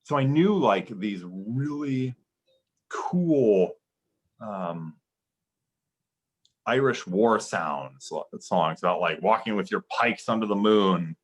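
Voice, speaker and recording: A man's voice: fairly low pitch, expressive, slow pace, long pauses, poor audio. A young man chatting as a podcast guest, rambling with many fillers and restarts. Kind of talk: casual chat.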